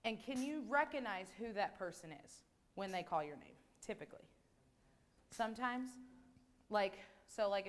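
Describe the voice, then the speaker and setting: A woman leading a children's message in church, asking gentle questions and closing in prayer. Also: mid-range voice. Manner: gentle, conversational, asks questions. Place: church sanctuary.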